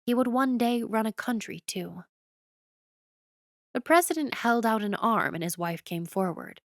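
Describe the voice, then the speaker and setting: A woman's voice: fairly high pitch, unhurried, no echo. Woman narrating an audiobook, dry studio sound.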